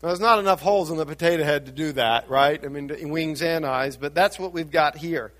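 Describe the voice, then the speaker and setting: A high-pitched older man preaching with a bright, forceful edge. He swings from quiet, intimate passages to loud, urgent emphasis. His pulpit delivery is dynamic and earnest. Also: brisk. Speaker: pastor. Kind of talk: sermon.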